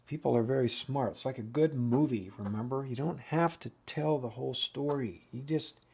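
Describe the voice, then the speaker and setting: A man's voice: medium pitch, normal speed, creaky, a little mellow, a little hiss or hum. A man giving a casual oil painting lesson, thinking aloud and restarting sentences as he works at the easel. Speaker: painting instructor.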